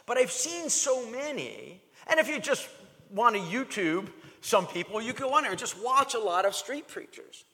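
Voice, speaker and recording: Male pastor, high voice, very animated delivery, emphatic sermon, reverberant hall. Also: normal speed. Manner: emphatic, animated preaching with repetitions.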